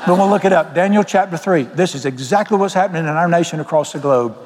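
A Southern US preacher tells folksy, forceful stories from the pulpit of a church sanctuary, speaking quickly in a highish, darkish voice. The recording carries a bit of hiss or hum and the long reverb of a large hall.

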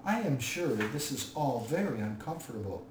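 A man's voice: mid-range voice, sing-song, moderate pace, a little mellow, natural voice. A man voicing a prim, indignant hobbit, reading from a storybook. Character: fussy, indignant male hobbit. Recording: roomy, distant mic, faint hiss.

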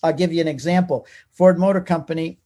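A man telling his life story as an interview guest, animated and talkative. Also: on the high side, a little fast. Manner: animated and talkative, reciting from memory. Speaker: guest author. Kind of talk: personal storytelling in a conversation.

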